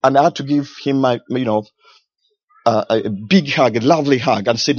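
A man's voice: mid-range voice, brisk, no room sound. Fervent male preacher, dull dry sound. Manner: fervent, repeating phrases for emphasis. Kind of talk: sermon.

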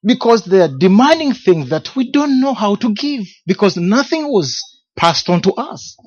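Male minister giving a testimony sermon, emphatic with rhetorical questions, husky voice, muffled lo-fi sound. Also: high-pitched, big pitch swings, normal speed, a little mellow. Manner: emphatic, repeats key words, rhetorical questions. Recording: dull lo-fi recording.

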